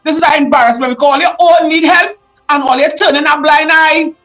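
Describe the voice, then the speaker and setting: Woman, Trinidadian accent, livestream host, impassioned, raised voice, soft music behind. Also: high voice, brisk, low-quality recording. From Trinidad and Tobago. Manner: emotional and fired up, often raising her voice. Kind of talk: impassioned live commentary.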